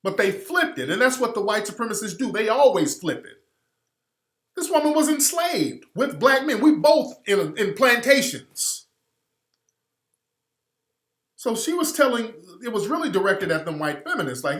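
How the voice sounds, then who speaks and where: In a roomy, echoing recording, a male radio host delivers an impassioned monologue, blunt and emphatic, repeating his points for effect. His voice sits high and sing-song, with a fairly bright tone at a normal speed.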